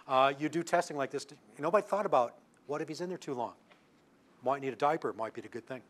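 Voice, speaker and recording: Older male lecturer, slightly high voice, anecdotal, talky, lots of asides. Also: fast, fairly bright tone. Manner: storytelling with asides and restarts. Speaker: lecturing astronomer. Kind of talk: public science talk.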